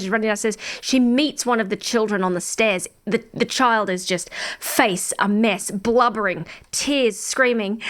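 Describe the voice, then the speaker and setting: A woman in her thirties with a somewhat high voice chats casually on a podcast. She tells stories with lively energy, laughs often and swears freely. She acts out the quotes in her stories. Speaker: podcast co-host. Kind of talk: casual chat.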